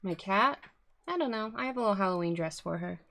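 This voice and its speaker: A woman's voice: medium pitch, animated, quick pace, creaky, fairly bright tone. A woman streaming live, chatting casually, swearing freely and scolding her cat.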